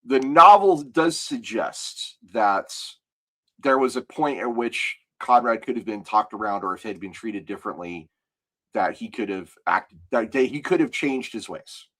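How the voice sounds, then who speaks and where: A man's voice: on the low side, expressive, a little slow, a bit bright. A man co-hosting a podcast, explaining lore at length and thinking aloud in casual talk. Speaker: podcast co-host.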